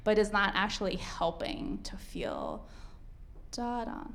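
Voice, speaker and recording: A woman's voice: fairly high pitch, unhurried. A woman teaching a piano masterclass, coaching a student and singing rhythms aloud as she counts.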